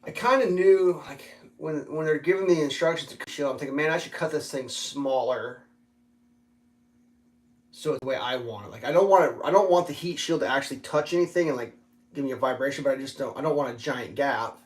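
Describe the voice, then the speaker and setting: A man's voice: medium pitch, fairly quick. A man ranting casually in a vlog about installing parts on his vehicle, frustrated and swearing often, with lots of filler words. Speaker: vlogger working on his off-road vehicle.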